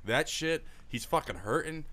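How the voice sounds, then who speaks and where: A young man co-hosting a casual podcast, telling profane, animated stories. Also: fairly high pitch, normal speed. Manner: crude, profane, animated storyteller. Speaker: podcast co-host.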